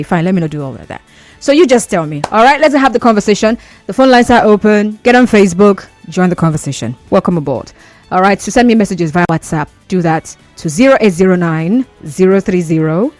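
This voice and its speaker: A Nigerian woman hosting a call-in radio show, talking in a lively, playful way and laughing easily. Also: mid-range voice. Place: radio studio.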